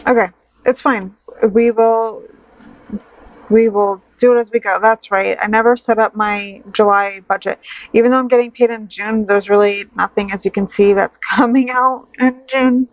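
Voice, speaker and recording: A tired, sad woman in her thirties chatting to camera at her home desk, rambling and halting with sighs and fillers. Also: medium pitch, steady tone, dry recording. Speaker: budgeting vlogger. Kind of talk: casual chat to camera. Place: home desk in loft bedroom. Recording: dull lo-fi home recording.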